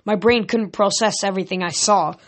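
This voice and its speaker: A woman's voice: medium pitch, fairly quick. Woman narrator, amateur audiobook read, occasional stumbles and restarts. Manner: reading with slips and restarts. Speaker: reader. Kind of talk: audiobook reading of a novel.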